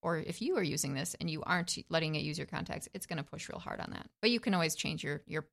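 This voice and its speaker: A woman's voice: deep voice, fast talker, gravelly, fairly bright tone. A woman co-hosting a show in casual chat, upbeat and talkative. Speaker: podcast co-host.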